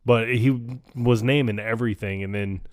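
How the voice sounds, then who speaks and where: A man's voice: mid-range voice, fairly even intonation, normal speed, no echo, studio quality. A man co-hosting a casual podcast, recapping a movie and acting out its lines in put-on voices. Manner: acts out quoted movie lines in put-on voices, laughing often. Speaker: podcast co-host.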